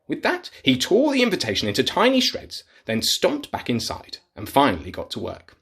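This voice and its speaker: Husky, animated children's storyteller. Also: male voice, mid-range voice, moderate pace. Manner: animated, playful, drops to whispers for gross bits. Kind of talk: reading a picture book aloud to kids. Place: office.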